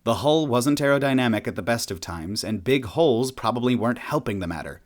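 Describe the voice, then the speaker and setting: A man narrating a science fiction audiobook in a steady, plain storytelling manner. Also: medium pitch, a little fast.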